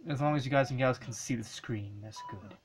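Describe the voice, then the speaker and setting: A woman giving casual commentary while playing an old handheld game, excitable and swearing and yelling at the screen. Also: a bass voice, fairly quick, crowd noise. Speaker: let's play gamer.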